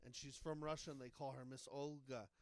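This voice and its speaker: A young man on a comedy podcast, giving loose directions and rambling in a casual way. His voice is smooth and clear. The studio microphone gives a close, dry sound. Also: medium pitch, level tone, fairly quick, dry recording.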